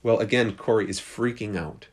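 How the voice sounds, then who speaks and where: A man's voice: fairly low pitch, normal speed. A man preaching, telling a story in an earnest way with frequent restarts. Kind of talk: storytelling sermon.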